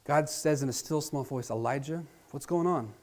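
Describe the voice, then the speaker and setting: A man preaching a sermon as pastor, earnest and dramatic, talking straight to his listeners and swinging between loud emphasis and hushed near-whispers. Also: a little high, moderate pace. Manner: earnest, direct address to listeners.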